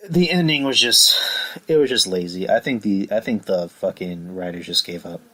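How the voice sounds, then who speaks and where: A man hosting a casual review podcast, rambling, swearing often and getting animated. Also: low-pitched, moderate pace, low-quality recording. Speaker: podcast host.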